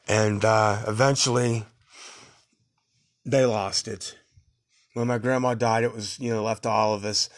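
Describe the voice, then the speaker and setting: A middle-aged man hosting a podcast, telling rambling, blunt stories from his youth in a casual monologue. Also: on the low side. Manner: rambling, blunt, tough-guy storytelling. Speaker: podcast host.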